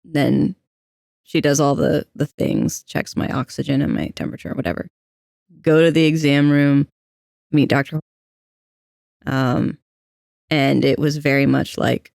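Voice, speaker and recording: Candid trans man with a gravelly voice. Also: medium pitch, unhurried, pauses often, darkish tone, no room sound, studio quality. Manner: candid, anxious, self-deprecating storytelling. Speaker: podcast co-host. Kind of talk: casual personal storytelling.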